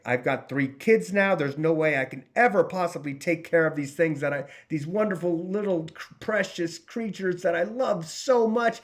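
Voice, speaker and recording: A man's voice: a little high, normal speed, few pauses. A man in his forties talking straight to the camera in a slightly raised voice. He is blunt and swears freely, often stopping to restart a sentence as he speaks as a recovery coach. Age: 40s. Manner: blunt and profane, with many restarts. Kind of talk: casual direct-to-camera talk.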